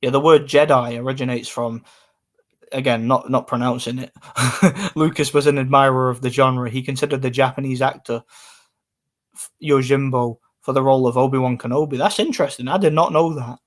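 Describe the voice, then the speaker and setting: A man's voice: medium pitch, steady tone, brisk. Chatty young streamer man. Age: 20s. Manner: rambling, reads and answers chat comments. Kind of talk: casual live-stream chat.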